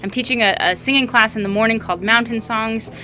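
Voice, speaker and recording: A woman leading a song session, introducing her choir in a warm, enthusiastic way. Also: on the high side, fast talker. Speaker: song leader. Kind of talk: casual introduction. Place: outdoors with choir.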